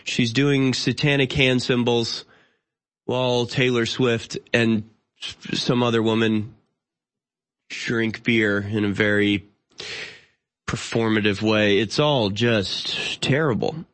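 A man in his thirties rants through an opinionated talk-show monologue in an exasperated, incredulous tone. His voice sits at an ordinary middle pitch. He stumbles and restarts often as he piles on sardonic asides. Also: fairly even intonation, a bit bright. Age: 30s. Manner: halting, with frequent restarts and fillers. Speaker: show host.

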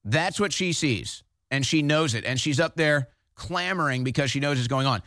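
A man with a fairly high voice rants emphatically as a talk show host, hammering his points home. The sound is close and dry, with no room echo. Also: expressive, moderate pace, a bit bright. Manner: emphatic, combative ranting. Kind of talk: political talk show commentary.

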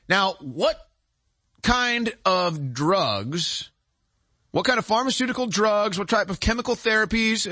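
Forceful, indignant male commentator. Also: high-pitched, no room sound. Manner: indignant, emphatic, piles up rhetorical questions. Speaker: show host. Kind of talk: heated political commentary monologue.

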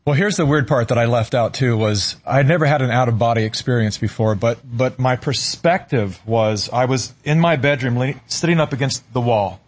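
A middle-aged man appears as a talk show guest, sharing a personal story earnestly and haltingly, repeating words while he hunts for them. His voice sits in the mid range.

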